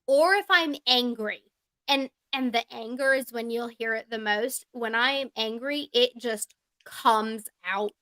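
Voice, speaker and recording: A woman with a light Southern accent tells stories in a relaxed group chat. Her voice sits a little high and sounds bright. The sound is close and dry. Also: unhurried, no room sound. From Georgia, US. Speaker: guest. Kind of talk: casual chat.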